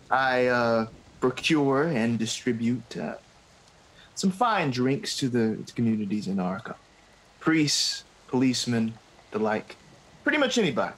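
A man's voice: mid-range voice, big pitch swings, unhurried, low-quality recording. A man voicing a chummy, boastful bootlegger businessman with a slick manner. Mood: chummy boasting. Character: smooth-talking male bootlegger businessman.

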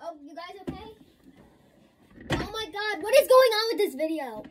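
Speaking at an extremely high pitch with lively intonation and a moderate pace, this vlogger talks her way through a chaotic home crafting session at her work table. Things keep going wrong, leaving her flustered and apologetic, and there's noise in the background.

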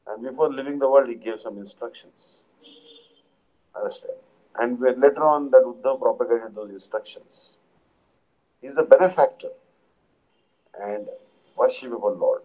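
A man's voice: mid-range voice, narrow, tinny audio. A man giving a devotional lecture, explaining patiently and often checking in with "Understand?". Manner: repeatedly asks "Understand?" to listeners; unhurried, explanatory, with frequent fillers. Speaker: spiritual teacher.

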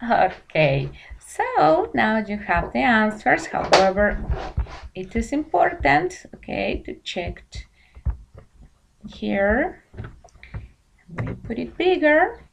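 A woman's voice: a little high, sing-song, slow pace, vocal fry, long pauses, background noise. A woman teaching an English class from home, a native Spanish speaker who switches between English and Spanish as she explains grammar. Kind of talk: recorded online class.

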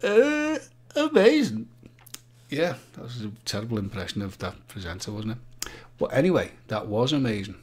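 A man's voice: lowish voice, a little fast, husky. A man hosting a live-stream quiz, chatting playfully and joking with the viewers. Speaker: livestream quiz host.

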